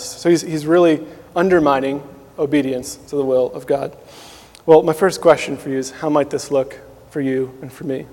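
A man's voice: a little high, a little mellow, big-room sound. A man giving a sermon as a pastor, in a conversational manner, often asking listeners questions and adding "right?".

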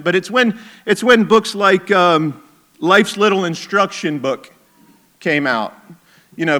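Pastor, male, middle-aged; slightly high, bright voice; chatty sermon delivery with emphatic points. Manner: conversational, chuckling asides, emphatic.

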